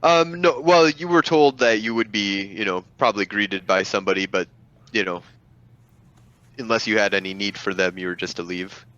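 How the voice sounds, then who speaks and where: A man's voice: on the low side, moderate pace, a bit bright, dry recording, lo-fi sound. A man narrating as game master, rambling and full of fillers.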